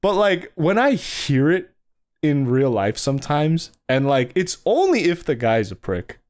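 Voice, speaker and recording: A man's voice: on the high side, sing-song, measured pace, darkish tone. A young man from New Jersey, co-hosting a podcast in a casual chat, rambling with lots of fillers and sliding into mock voices. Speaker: podcast co-host.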